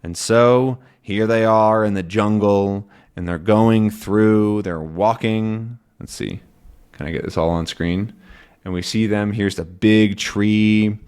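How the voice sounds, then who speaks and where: A man teaching English to learners, explaining a comic slowly and patiently, repeating and rephrasing, often checking "right?". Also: fairly low pitch, a little mellow, clean tone. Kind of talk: slow explanation for language learners.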